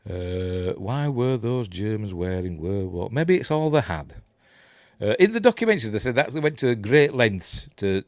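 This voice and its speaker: A middle-aged Yorkshire man with a fairly low voice, chatting his way through a film with plenty of ums and dry asides. The sound is close and dry, with no room to it. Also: no echo. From Yorkshire, England. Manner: rambling and chatty, lots of ums, dry wry jokes. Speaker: film review host. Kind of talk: casual film commentary over footage.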